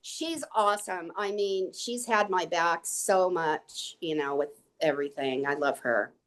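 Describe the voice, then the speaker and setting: A woman guest on an interview show, telling lively anecdotes and acting out what people said. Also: on the low side, unhurried. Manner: lively, animated anecdotes with acted quotes. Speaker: guest actress. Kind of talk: casual interview storytelling.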